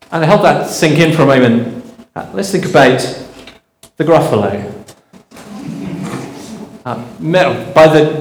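A man's voice: a little high, darkish tone, roomy sound, rough recording. A man preaching a sermon, earnest and storytelling, asking rhetorical questions.

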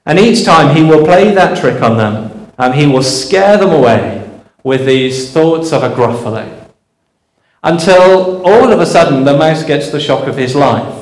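A man's voice: on the high side, animated, unhurried, roomy sound, poor audio. A man preaching a sermon, earnest and storytelling, asking rhetorical questions.

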